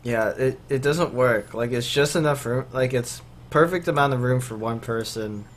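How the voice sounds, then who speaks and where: A man's voice: mid-range voice, moderate pace, a little hiss or hum. A young man co-hosting a podcast in casual chat, talking loosely with lots of fillers. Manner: loose and rambling, many fillers. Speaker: podcast co-host.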